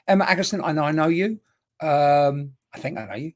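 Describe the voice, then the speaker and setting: A woman's voice: deep voice, a little fast. A woman working as a spiritual medium, giving a live-streamed reading in a chatty, repetitive way and greeting viewers by name with endearments.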